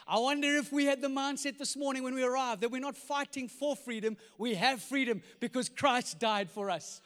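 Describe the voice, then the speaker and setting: A man preaching a sermon in a large church, energetic and jokey, acting out little voices in his stories. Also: very high-pitched, a little fast, few pauses, smooth. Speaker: pastor. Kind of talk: sermon with comic storytelling. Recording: reverberant church hall.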